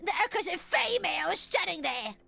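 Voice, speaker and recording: Woman putting on a gravelly old dwarf boss, blustering, swoopy and high, game dialogue voice. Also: very animated, moderate pace, bright, forceful tone, faint music behind, heavily acted. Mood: gruff. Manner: blustering, dismissive. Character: gruff older male dwarf foreman, defiant. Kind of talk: reading game dialogue aloud in character.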